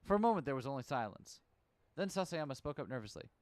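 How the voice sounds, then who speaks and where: A man's voice: mid-range voice, sing-song, quick pace, no room sound. A male streamer reading a visual novel aloud, narrating expressively with amused asides.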